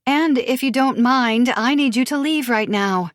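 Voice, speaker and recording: A woman's voice: high-pitched, unhurried, dry recording, studio quality, pitched above the performer's own voice. A woman narrator voicing a spiteful, sarcastic young woman in an audiobook thriller, mocking and cutting. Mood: hostile. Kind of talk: audiobook character voice.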